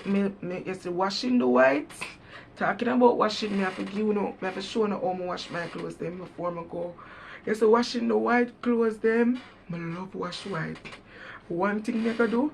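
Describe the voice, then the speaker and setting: A Jamaican woman talks to her viewers in a relaxed, chatty vlog, leaning hard on her points and calling out to them directly. Her voice is gravelly with a rough, creaky edge, and a faint hiss sits under it. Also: mid-range voice. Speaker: vlogger. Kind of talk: casual chat.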